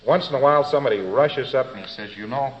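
A man's voice: mid-range voice, quick pace. A man giving a philosophical lecture, emphatic and telling little stories with put-on voices. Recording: echoey hall, dull lo-fi archive.

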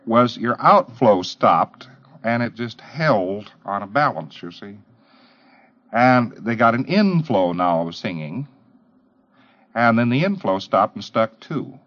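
Man, lecturer, emphatic, rhetorical questions, animated pitch, muffled old tape. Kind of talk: lecture to trainee auditors.

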